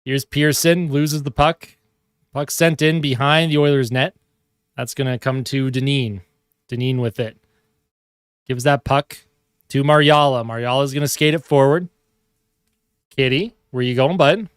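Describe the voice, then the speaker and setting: A young man giving casual live hockey play-by-play from his home, excitable and chatty. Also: mid-range voice, measured pace, pauses often, clear, resonant tone, no room sound, clean studio sound. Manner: excitable calls that break off to coo at his cat. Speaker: fan streamer doing live play-by-play. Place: home room at his monitor.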